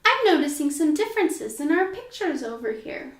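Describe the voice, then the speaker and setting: A woman teaching young children letter sounds, speaking in a slow, sing-song, encouraging way. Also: high voice, sing-song. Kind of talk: children's phonics lesson. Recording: echoey room, mic at a distance.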